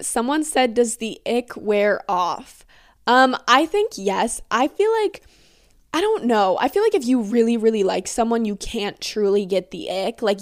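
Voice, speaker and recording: A young woman hosting a podcast in casual, rambling chat, giggly and freely swearing. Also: mid-range voice. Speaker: podcast host.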